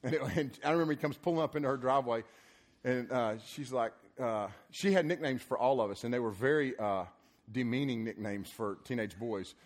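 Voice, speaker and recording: A man's voice: mid-range voice, brisk. A man preaching a sermon, emphatic and rousing, then loose and joking in conversational asides. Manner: energetic and emphatic, rising into loud repeated punchlines. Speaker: preacher at a summer youth program.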